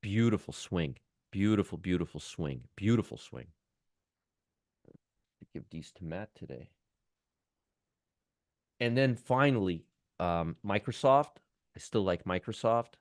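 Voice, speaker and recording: Man, stock trading host, deep voice, casual enthusiastic market chat, repeats himself, dry close sound. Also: animated, a little slow, long pauses, no room sound. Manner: enthusiastic, repeats words, restarts often.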